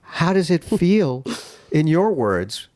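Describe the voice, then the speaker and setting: A man's voice: fairly high pitch, sing-song, takes it slowly, a little mellow, dry recording. A man from New York hosting a podcast, talking in an earnest, heartfelt, rambling way. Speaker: podcast host. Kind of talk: casual interview chat.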